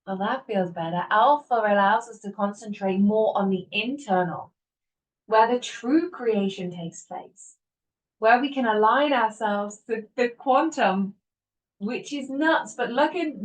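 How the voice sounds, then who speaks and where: A woman hosting a motivational talk, her voice pitched a bit high and lively. She laughs often and slips into little acted-out inner voices as she talks. The mic sits a little away from her. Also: measured pace, far from the mic, poor audio. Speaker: podcast host. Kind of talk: motivational self-help talk.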